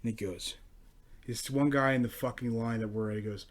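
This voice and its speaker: A man's voice: medium pitch, steady tone, a little fast. A twenty-year-old man ranting through a story in a casual, profane, exasperated way. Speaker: host.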